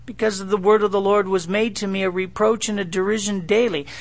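A man's voice: high-pitched, steady tone, a little fast. A man preacher acting out a weary, exasperated young prophet in a pleading, emphatic way. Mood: anguished.

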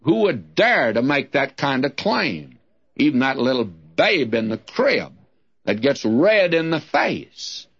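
Older male Bible teacher, slow and deliberate, lively pitch, dull lo-fi recording. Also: breathy edge. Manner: slow, deliberate, reads scripture then explains it.

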